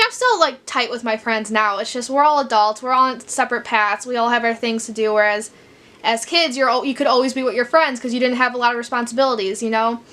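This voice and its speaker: A woman's voice: sits high, a bit bright. A young woman from Chicago chatting casually in a book vlog, rambling and filling her talk with "like", teary at times. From Chicago, USA. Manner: rambling, frequent fillers like "like". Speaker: book vlogger.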